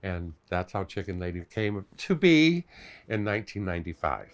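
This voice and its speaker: An older man telling stories in a documentary interview, playful and animated, acting out his own past thoughts. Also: deep voice, moderate pace, faint music behind. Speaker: longtime charity ride participant.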